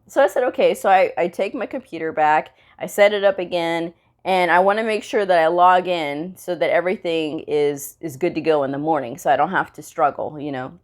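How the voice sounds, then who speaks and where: A woman's voice: fairly low pitch, expressive, normal speed. A woman who teaches medical coding, chatting casually in a vlog and telling a story about her workday, laughing often and acting out the dialogue. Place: at home after work.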